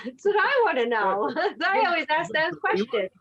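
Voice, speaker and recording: A woman's voice: sits high, sing-song, normal speed, fairly bright tone, lo-fi sound. A woman in a live class chiming in with her own experience, amused and talking through laughter. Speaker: class participant.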